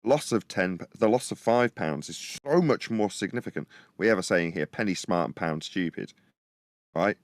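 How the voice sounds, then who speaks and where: A man co-hosting a live-stream discussion, talking in a rambling, animated way. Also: low voice, normal speed, no room sound. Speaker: podcast co-host.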